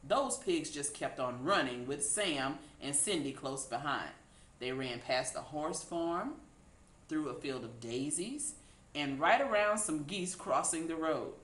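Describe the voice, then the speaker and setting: Slow, expressive woman reading a storybook. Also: sits low. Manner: expressive, unhurried. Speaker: storybook reader. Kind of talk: children's read-aloud narration. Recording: echoey room.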